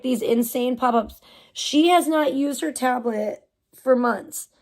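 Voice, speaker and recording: A woman's voice: fairly high pitch, vocal fry, darkish tone. A woman livestreamer chatting casually and ranting with lots of profanity while reading and answering chat messages. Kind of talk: casual live stream chat.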